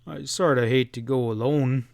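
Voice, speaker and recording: A man's voice: mid-range voice, fairly even intonation, moderate pace, gravelly, no echo, natural voice. A man voicing a folksy, meek middle-aged rancher in a western audiobook, talking in plain cowboy speech. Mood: easygoing. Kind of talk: audiobook character voice.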